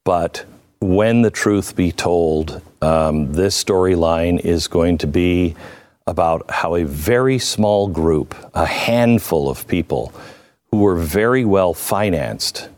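Deep-voiced man with a deliberate delivery. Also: darkish tone. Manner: deliberate, rising to fervent appeals. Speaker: guest commentator. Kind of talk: impassioned commentary.

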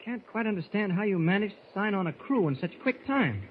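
An actor playing a polite, inquisitive newspaper reporter, in 1940s radio drama style, on a dull, hissy old radio recording. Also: male voice, high-pitched, animated. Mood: curious. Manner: courteous, inquisitive, measured.

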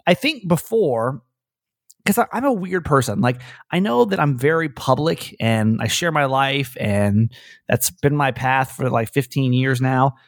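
A man's voice: medium pitch, expressive, a little slow, no room sound, clean studio sound. A middle-aged man hosting a podcast, talking in a candid, rambling, self-deprecating way. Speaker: radio and podcast host. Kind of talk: casual conversational podcast chat.

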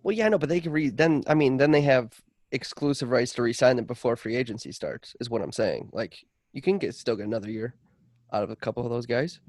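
A man's voice: medium pitch, a little mellow, no room sound. Rambling male podcast co-host, dry sound. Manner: loose and rambling, quick bursts, goofy asides. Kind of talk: casual sports podcast chat.

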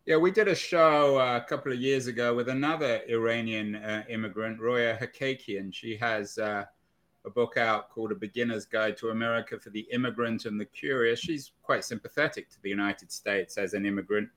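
A man's voice: mid-range voice, fairly even intonation, brisk, fairly bright tone. A man hosting an interview, asking pointed, probing questions about experiences with bias. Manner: probing questions, occasional stumbles. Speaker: interviewer host. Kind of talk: interview conversation.

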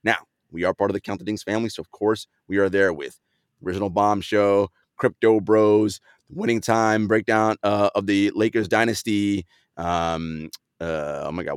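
A man's voice: fairly low pitch, expressive, a little slow, no echo, studio quality. A man hosting a podcast, chatting in a laid-back way with frequent fillers and easy laughs. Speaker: podcast host. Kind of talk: casual chat.

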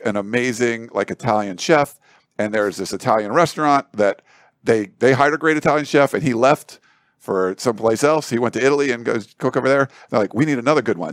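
A man's voice: mid-range voice, no echo, clean studio sound. Rambling casual male sports analyst. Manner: rambling, loose, full of fillers and analogies. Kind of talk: casual panel discussion.

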